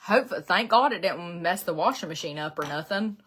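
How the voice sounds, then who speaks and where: A middle-aged woman from Georgia with a Southern drawl, talking low and easy as she does her makeup. She rambles in a chatty way and laughs often, like she's catching up with friends. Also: animated, normal speed, fairly bright tone, slightly rough. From Southeast Georgia, USA. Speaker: beauty vlogger. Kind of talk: casual chat while doing makeup. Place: her home beauty room, indoors.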